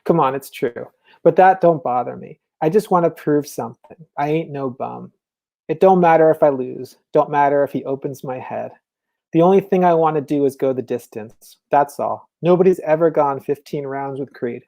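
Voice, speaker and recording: A man reads the part of a plain-spoken, down-on-his-luck boxer in a mellow, low-key voice. He talks in quiet, halting phrases with rough everyday grammar. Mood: resigned, determined. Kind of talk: reading a film scene aloud.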